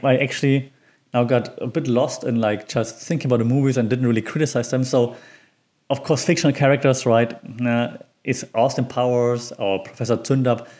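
Male podcast host, casual solo chat, rambling, lots of ums, mid-pitched voice. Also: a little mellow. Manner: rambling and chatty with frequent ums; laughs lightly at himself.

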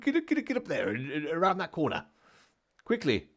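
Flustered stammering oddball stranger, put on by a man, pitched high and urgent. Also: big pitch swings, a little fast.

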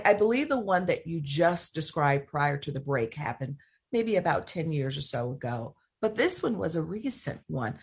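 A woman hosting a talk show and interviewing her guest in a measured, encouraging way. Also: deep voice, husky.

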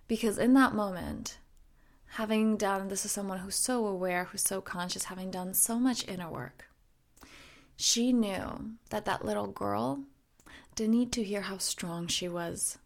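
A woman in her thirties hosting her own podcast, talking reflectively and softly, often dropping close to a whisper. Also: mid-range voice, unhurried, creaky. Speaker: podcast host and coach. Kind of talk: reflective solo podcast talk.

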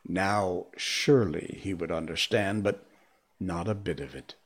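A man reading a storybook aloud as narrator, measured and expressive. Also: sits low, slightly rough.

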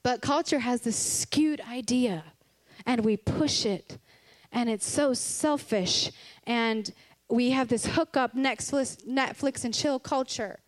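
A woman's voice: on the high side, slow pace. A woman giving a candid, conversational Christian sermon, earnest and personal, with laughs between her points. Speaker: Christian speaker.

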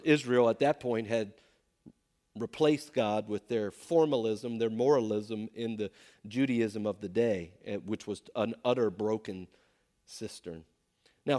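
A pastor or Bible teacher with a mid-range, slightly mellow voice teaches scripture to a group. He's emphatic and keeps drawing them in with questions.

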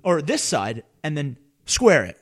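Lively young man telling stories. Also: a little high, unhurried, slightly rough. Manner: animated storyteller, slips into silly voices. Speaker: podcast co-host. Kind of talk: casual chat.

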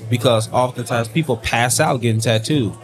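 A man's voice: mid-range voice, moderate pace. A man who owns a tattoo studio, speaking on a panel in an earnest, matter-of-fact way. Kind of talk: panel discussion. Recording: music behind.

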